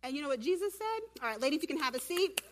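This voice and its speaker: A woman giving a lively sermon at a church women's event and directing volunteers from the audience. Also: high voice, very fast, very noisy. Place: church hall.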